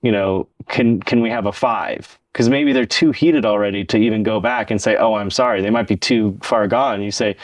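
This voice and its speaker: Here a podcast co-host speaks in a lowish voice at a moderate pace, barely pausing, with no echo. The chat is casual relationship advice, delivered earnestly, with long explanations and acted-out lines people say to each other.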